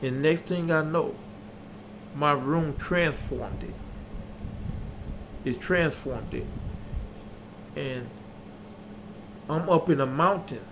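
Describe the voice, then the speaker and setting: Man telling a story, slightly higher voice. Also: takes it slowly, pauses often. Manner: animated, acts out dialogue, builds to loud emphatic peaks. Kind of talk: personal storytelling monologue. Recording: slightly dull audio with faint background hum.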